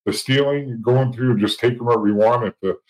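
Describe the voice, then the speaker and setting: A middle-aged man telling rough stories in a blunt, profane way, rambling with frequent restarts. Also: medium pitch, fairly even intonation, brisk, rough recording. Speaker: guest. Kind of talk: casual storytelling.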